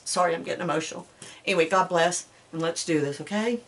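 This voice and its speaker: A woman's voice: lowish voice, fast talker. A woman talking to her supporters in an advocacy vlog, earnest and urging, with a heartfelt way of speaking. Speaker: animal welfare advocate. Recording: voice a bit distant from mic.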